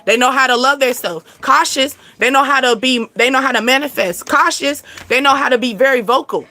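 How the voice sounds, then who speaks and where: Chatty bright-voiced woman reading cards. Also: high-pitched, fairly quick. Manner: chatty, repetitive, laughs often. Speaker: tarot card reader. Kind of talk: casual spiritual card reading.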